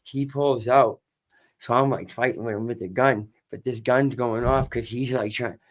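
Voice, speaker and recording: A man's voice: mid-range voice, steady tone, normal speed. A man with a Boston accent telling his story as a podcast guest, candid and rambling, swearing and repeating himself. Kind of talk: casual storytelling.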